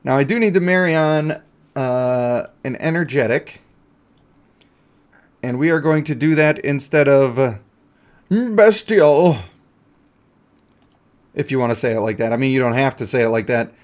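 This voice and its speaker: A man's voice: mid-range voice, normal speed. A male game streamer in casual live-stream commentary, chatty and joking as he talks to himself and his chat.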